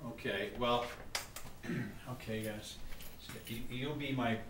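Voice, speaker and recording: A man's voice: medium pitch, fairly even intonation, slow pace, reverberant, noisy background. A man in a comedy sketch therapy group, hesitant and stammering as he tells a self-pitying story.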